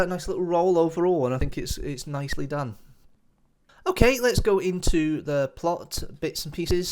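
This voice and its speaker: A man with a fairly high voice gives a casual spoken review of an audio drama, with a little hiss or hum in the background. He's chatty and enthusiastic, often circling back to phrases like "nice little" and "interesting".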